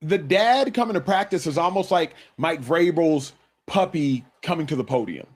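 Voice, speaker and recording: Male sports panelist, provocative, full of analogies, animated delivery. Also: fairly high pitch, normal speed. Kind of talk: sports debate show talk.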